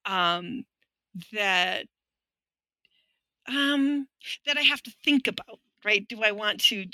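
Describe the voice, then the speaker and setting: A woman's voice: mid-range voice, bright, forceful tone, no room sound, rough recording. A middle-aged woman, a linguistics professor, speaking as a guest in a conversational interview, telling stories frankly and wryly. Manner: frank, wry storytelling that acts out quoted voices.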